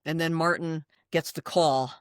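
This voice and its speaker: A woman co-hosting a fan podcast, talking in a lively way with frequent laughs. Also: deep voice, measured pace, smooth, no room sound, studio quality. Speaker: podcast co-host. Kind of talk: casual chat.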